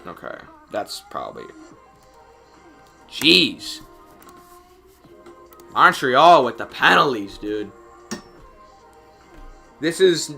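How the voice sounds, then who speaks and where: A man giving live play-by-play reaction commentary on a hockey game, excitable and getting loud on penalties, with chatty asides between plays. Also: mid-range voice, drawn-out words, creaky, long pauses, faint music behind. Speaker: streamer calling the game.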